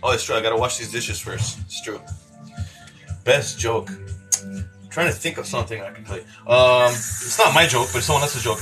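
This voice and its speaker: A man's voice: medium pitch, moderate pace, sharp tone, faint music behind. A man chatting casually on a live stream from his home kitchen, joking and rambling with frequent laughs.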